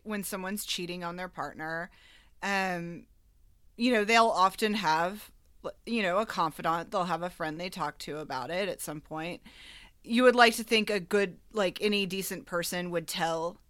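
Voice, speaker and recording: A woman co-hosts a podcast and retells film scenes with animated, chatty energy, scattering "like" through her sentences. Her voice is very bright and forward, recorded dry and close with almost no room sound. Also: lowish voice, moderate pace, no room sound. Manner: animated storyteller, frequent "like", laughs. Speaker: podcast co-host. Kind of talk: casual chat.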